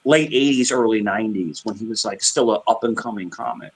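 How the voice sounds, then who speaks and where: A man's voice: lowish voice, brisk, vocal fry, rough recording. A man hosting a casual panel chat, joking and ribbing the others.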